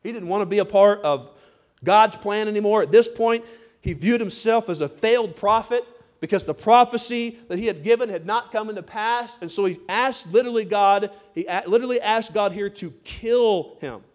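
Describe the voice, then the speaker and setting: A man's voice: high-pitched, normal speed. A man preaching a sermon to a church congregation, emphatic and repetitive, prodding listeners to answer. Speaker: pastor. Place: church service.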